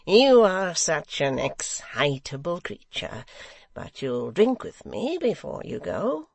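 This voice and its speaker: A man's voice: mid-range voice, animated, gravelly, dry recording. A man doing a cold, sneering secretary. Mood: mock jovial. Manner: measured and mocking, with cold sneers.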